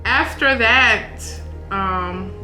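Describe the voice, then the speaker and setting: Giggling and flustered, a family vlogger in her thirties chats about meeting her husband, frequently adding "okay?" to her sentences in this casual storytelling. Her voice is a little high with drawn-out words, in a rough, reverberant recording with music in the background.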